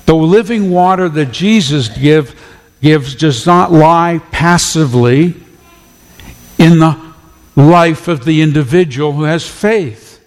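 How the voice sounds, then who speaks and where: A man's voice: fairly high pitch, vocal fry. A man preaching a sermon as pastor, emphatic and repeating phrases for effect. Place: church. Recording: long reverb of a church hall.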